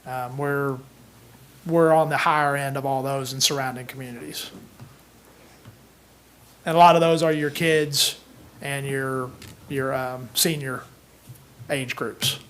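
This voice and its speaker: A man's voice: mid-range voice, fairly even intonation, measured pace, long pauses, a bit bright. A man on city staff answering a board's questions, explaining with a few restarts. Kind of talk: answering questions at a public meeting.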